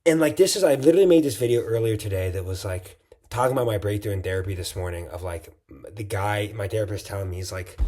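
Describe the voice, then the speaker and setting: A man's voice: lowish voice, quick pace, warm tone. A tired man giving a casual, reflective vlog monologue late at night, rambling with frequent "like"s and restarts. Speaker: vlogger.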